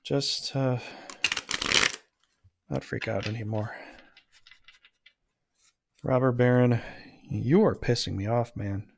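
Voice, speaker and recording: A man's voice: mid-range voice, takes it slowly, creaky, pauses often, a little mellow. A man doing a casual tarot reading who rambles, talks himself in circles and gets easily flustered. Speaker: tarot reader.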